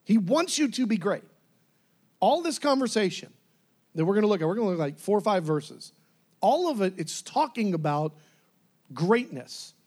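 A man preaching a sermon, animated, laughing often and acting out scenes as he goes. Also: sits high, moderate pace, pauses often.

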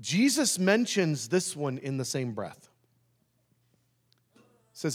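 A pastor preaching a sermon in a conversational way, slowing down to stress key phrases. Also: male voice, fairly high pitch, big pitch swings, slightly rough. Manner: conversational, with restarts and emphatic slowed phrases.

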